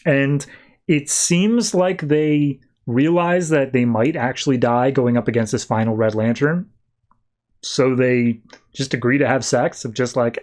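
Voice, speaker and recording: A man's voice: medium pitch, steady tone, unhurried, a little mellow. A man hosting a podcast and walking through a comic's plot in a loose, chatty way. He leans on fillers and acts out bits of the dialogue as he goes. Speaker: podcast host. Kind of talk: casual comic book recap.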